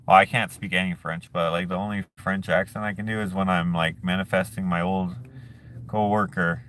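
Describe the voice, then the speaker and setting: A man's voice: deep voice, fairly even intonation, moderate pace, fairly bright tone. A man hosting a casual live chat who reads viewer comments aloud and jokes and laughs at himself in a laid-back way. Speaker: streamer host.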